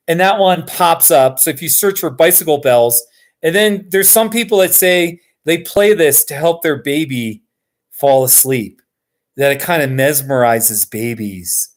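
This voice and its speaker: An American man from Colorado chatting casually with his viewers on a live stream, excitable and chuckling often. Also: a little high. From Colorado, USA. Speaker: YouTuber hosting a live stream.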